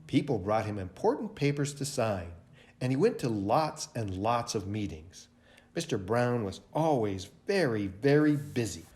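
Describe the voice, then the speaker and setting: A man, a library director, reading a picture book aloud for a children's storytime in an expressive way. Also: medium pitch, unhurried.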